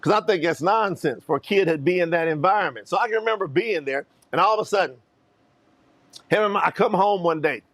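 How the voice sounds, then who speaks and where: High-voiced motivational speaker. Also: male voice, fairly quick. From Kentucky, US. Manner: animated, talks straight to viewers. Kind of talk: personal storytelling to online viewers.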